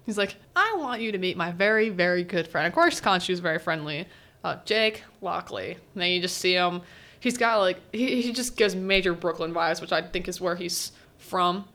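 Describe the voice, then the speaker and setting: Student podcast host, young woman, casual and giggly, average pitch. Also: fairly bright tone. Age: teens. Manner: chatty, laughs often, quotes characters in little voices. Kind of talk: casual solo recap chat.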